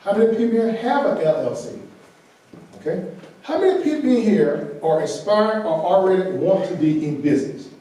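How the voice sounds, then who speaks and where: A fairly high, mellow-toned man with a Southern drawl lectures a room of farmers at a quick, loud clip, punctuating points with "okay?". He sounds distant from the recorder, in a strongly echoing hall with faint background noise. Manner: energetic, repeats "okay?" to check in with the audience; talks loud and fast. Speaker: workshop presenter. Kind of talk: financial training workshop lecture. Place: large meeting room. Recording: very echoey room, voice far from the recorder.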